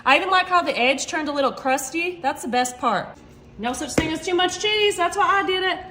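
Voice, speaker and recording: A woman chatting casually through a cooking demonstration at home, excitedly calling her viewers y'all. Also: very high-pitched, fairly quick, reverberant, music in the background. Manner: excitable about food. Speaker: cooking vlogger. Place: home kitchen.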